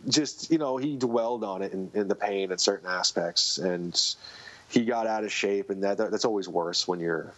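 On a dull, lo-fi recording, a podcast guest who writes comic books talks in a lowish voice at a moderate pace. He tells stories conversationally, rambling and restarting his sentences often.

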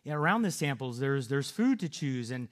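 A man's voice: medium pitch, big pitch swings, moderate pace. Male preacher, earnest sermon delivery, frequent restarts. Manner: earnest, repeats words and restarts often.

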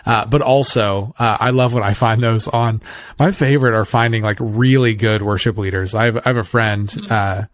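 Male podcast host, low-ish register, relaxed rambling talker, conversational. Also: moderate pace. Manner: chatty, rambling, self-correcting.

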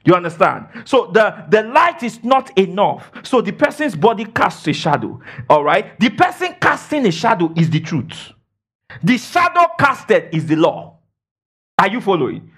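Man preaching, high voice, lively swooping pitch, call-and-response questions, emphatic. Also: husky. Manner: call-and-response questions, frequent "praise God" and "all right". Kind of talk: sermon, Bible teaching.

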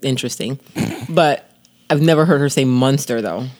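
A woman's voice: a bass voice, normal speed, darkish tone. A woman co-hosting a family vlog who chats casually, teases her partner, and laughs often. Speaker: co-host, mother. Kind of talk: casual chat.

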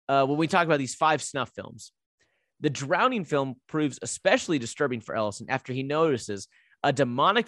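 A man's voice: mid-range voice, no room sound, studio quality. Man animatedly recapping a horror film. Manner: animated storyteller, recapping plot with asides. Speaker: podcast co-host. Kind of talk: casual movie recap chat.

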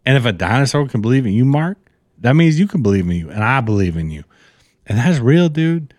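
A man's voice: mid-range voice, sing-song, fairly quick, a little mellow, dry recording, studio quality. A man co-hosting a casual podcast, slurring a little as he rants in a profane, fired-up pep talk. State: slightly slurring, tipsy. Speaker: podcast co-host.

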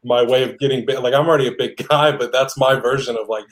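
Man, co-host, loud and heated, laughs mid-sentence. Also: medium pitch, fairly even intonation, fast. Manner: loud, gets worked up, laughs while talking. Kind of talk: casual podcast chat.

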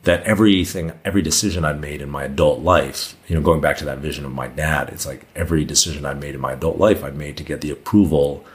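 A man's voice: very deep voice, fast, hardly any pauses. A man as a podcast guest, telling a long personal story in a casual, rambling way with lots of "like" fillers.

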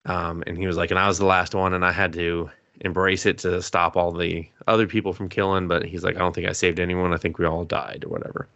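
A man's voice: deep voice, flat delivery, fast, fairly bright tone, dry recording, dull audio. A man co-hosting a podcast, casually recapping an anime episode, acting out the characters' lines, laughing and swearing as he goes. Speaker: podcast co-host.

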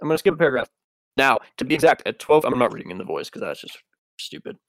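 A young man co-hosting a casual podcast, joking in a deadpan, sarcastic way. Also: mid-range voice, fast, no room sound. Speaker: podcast co-host. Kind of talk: casual chat.

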